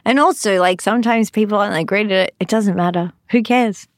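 A woman's voice: medium pitch, brisk, no room sound, studio quality. A woman from Sydney with an Australian accent, chatting casually as a guest in an interview, laughing easily and filling her talk with "like". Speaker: actor, guest.

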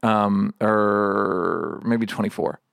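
Gravelly low-voiced man, halting and wry. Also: fairly bright tone, no room sound, studio quality. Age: middle-aged. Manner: rambling, halting, self-deprecating. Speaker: interview guest, comedian. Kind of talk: candid conversational interview.

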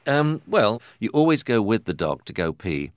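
An English man, a vet and dog trainer, answering interview questions in an animated, jokey way. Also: on the low side, moderate pace, no echo, clean studio sound. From England.

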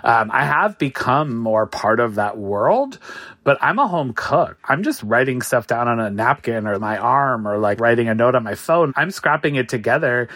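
A chatty man in his thirties talks through a relaxed interview, peppering his stories with "like" and "sort of." His voice sits in an ordinary middle register. He mocks himself and laughs easily as he goes. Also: medium pitch, normal speed. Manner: chatty and self-mocking, many "like" and "sort of" fillers, laughs often. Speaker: guest, food creator and cookbook author. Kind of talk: casual podcast interview.

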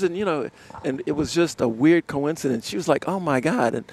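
A man, a musician guest in a live radio interview, telling animated stories and laughing often. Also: on the high side, a little fast, gravelly. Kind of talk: casual storytelling interview. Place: outdoors in front of a music studio complex.

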